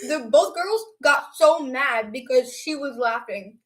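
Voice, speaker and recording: A woman's voice: high voice, expressive, a little slow, a bit bright. A young teenage girl chiming in on a shared school story, defending herself in casual chat. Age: young teen. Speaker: co-host.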